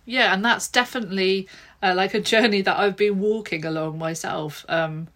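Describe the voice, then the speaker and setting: A woman, an author and illustrator speaking as a guest in a podcast interview, chatty and quick to laugh. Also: mid-range voice, steady tone, a bit bright.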